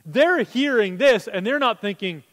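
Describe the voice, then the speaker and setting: Male pastor, high voice, chatty sermon delivery with plenty of rhetorical questions, long church reverb. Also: lively intonation, a little slow, a bit bright. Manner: conversational, asks rhetorical questions.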